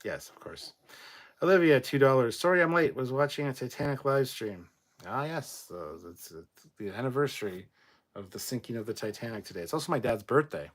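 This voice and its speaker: A man hosting a casual livestream, reading viewer comments aloud and adding quick, swearing asides. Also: medium pitch, animated. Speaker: livestream host reading chat.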